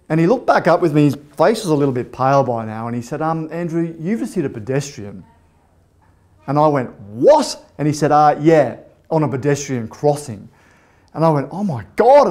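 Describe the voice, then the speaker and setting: A man delivers a motivational talk in a fairly high voice. He tells his story with energy and acts out the dialogue as he goes. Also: a little mellow. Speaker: motivational speaker.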